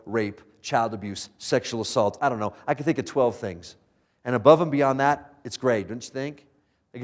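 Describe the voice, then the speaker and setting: A man delivers a motivational lecture to a room of students at a mid pitch. He talks animatedly, throws rhetorical questions at the crowd and chuckles between points. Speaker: guest speaker to college students.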